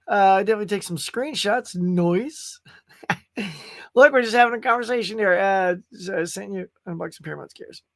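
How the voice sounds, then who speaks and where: A man hosts a relaxed livestream, rambling and chatty, laughing often and greeting viewers by name. His voice sits high. The recording is close and dry, with no room sound. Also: brisk, gravelly, dry recording. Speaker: livestream host. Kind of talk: casual live-stream chat.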